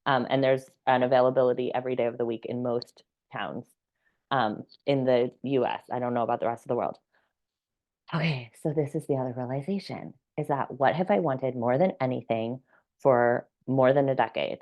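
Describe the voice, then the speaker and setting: A woman's voice: rumbling low, moderate pace, dull audio. A woman talking through her thoughts in a casual personal vlog. She is reflective and laughs often as she goes. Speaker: vlogger.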